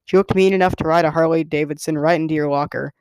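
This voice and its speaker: Gravelly, slightly high male reader. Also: steady tone, quick pace, no echo. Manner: casual first-person storytelling, occasional stumbles. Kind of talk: reading a novel aloud as narrator.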